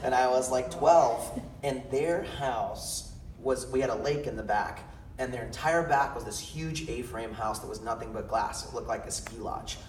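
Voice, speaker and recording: A man from the countryside, a convention panel guest, telling playful, animated stories and laughing through them. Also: mid-range voice, normal speed. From rural area. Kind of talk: animated storytelling at a fan panel. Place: large convention hall. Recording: echoey hall from far off, loud crowd noise.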